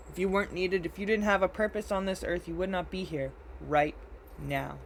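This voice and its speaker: A man's voice: high-pitched, vocal fry, a little hiss or hum, poor audio. Teary man preaching an informal livestream. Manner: earnest, emotional, halting and confessional.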